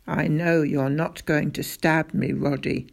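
A woman voicing a calm young boy who speaks quietly and reasonably in a storybook reading. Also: medium pitch, a little slow, vocal fry, pitched above the performer's own voice, exaggerated voice.

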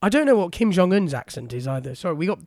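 A man co-hosting a podcast in casual chat, chatty and jokey, quick to argue a point. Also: high-pitched, very animated, a little mellow, no room sound, studio quality. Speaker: podcast co-host.

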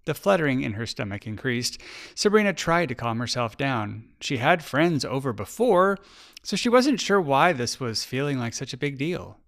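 A man, the author, narrating his children's story in an expressive, measured way. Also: mid-range voice, vocal fry. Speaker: author reading his book.

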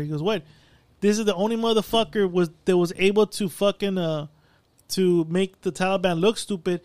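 Give me a high-pitched man recapping a film with lots of cursing, recorded dry and close. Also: a little fast, dry recording. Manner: profane, animated storytelling. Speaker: podcast co-host. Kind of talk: casual chat, movie recap.

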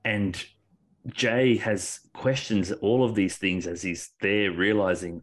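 A man co-hosting a podcast, talking in an excited, rambling way, restarting sentences and swearing casually. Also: lowish voice, slow. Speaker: podcast co-host. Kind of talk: casual wrestling discussion.

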